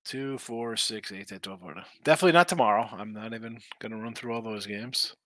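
A man's voice: fairly low pitch, brisk, fairly bright tone, no echo. A tired man hosting a sports betting live stream, chatting casually and reading viewer comments aloud in a laid-back, slangy, rambling way. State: tired, yawning, injured arm. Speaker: sports betting show host.

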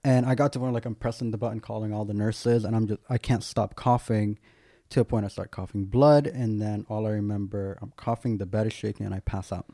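A man's voice: lowish voice, fairly even intonation, brisk, warm tone, no echo, studio quality. A man, a guest, telling a personal story in candid, casual talk, full of "like" and wry self-mocking humour.

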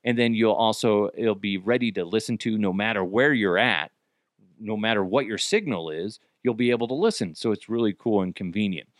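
A man hosting his own podcast alone, venting in a profane, exasperated rant that jumps into sudden yelling. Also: on the low side, fairly quick, no echo, clean studio sound. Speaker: podcast host. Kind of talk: solo ranting podcast.

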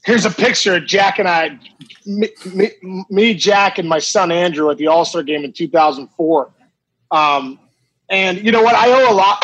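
A man in his forties, a former baseball player, telling a story in casual, animated talk with many fillers and restarts. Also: high voice, no echo, low-quality recording.

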